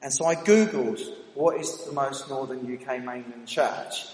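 A British man telling a lively, self-mocking story during a sermon at church. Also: medium pitch, a little slow. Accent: British English. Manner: animated, anecdotal, self-mocking. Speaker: church speaker. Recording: reverberant hall, faint ambience.

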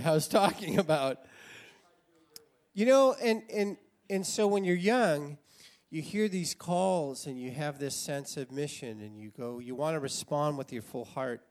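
An American man in his sixties telling a personal story as a sermon, animated and laughing often. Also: fairly high pitch, slow pace, pauses often. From United States. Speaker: preacher.

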